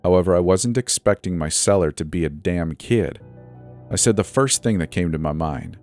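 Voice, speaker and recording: A man with a low, slightly mellow voice narrates a first-person horror story at a moderate pace. His scripted storytelling is tense, set over faint background music.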